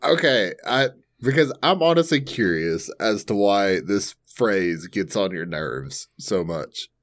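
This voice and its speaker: A woman's voice: a bass voice, lively intonation, takes it slowly. A woman in casual chat, mostly listening and teasing, with short replies and laughs.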